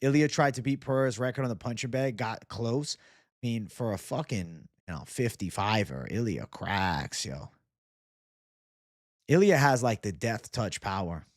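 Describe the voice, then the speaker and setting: Hosting a laid-back livestream, a young man reads viewers' comments and talks loosely, swearing a lot and slipping into bro-talk. He has a fairly low pitch and lively intonation at normal speed, in a dry, clean studio recording.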